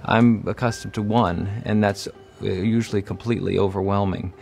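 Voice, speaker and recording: A film director speaking in an interview, soft-spoken and hesitant with fillers. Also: male voice, fairly low pitch, steady tone, normal speed, vocal fry, faint music behind.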